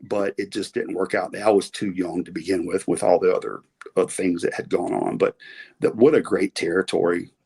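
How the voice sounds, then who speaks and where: A man's voice: low-pitched, steady tone, moderate pace, a little mellow, husky. A middle-aged man with a Southern US accent, telling rambling stories as a podcast guest with many fillers and restarts. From American South. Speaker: podcast guest, former wrestler. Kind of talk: casual storytelling interview.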